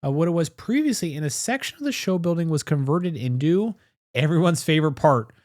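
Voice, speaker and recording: A man co-hosting a casual podcast, his pitch swinging widely as he reads out history notes and trades jokes. The sound is dry and close, with no room around it. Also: animated, a little fast, a little mellow, no room sound. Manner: reads scripted history between playful banter. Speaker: podcast co-host. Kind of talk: casual podcast chat with read narration.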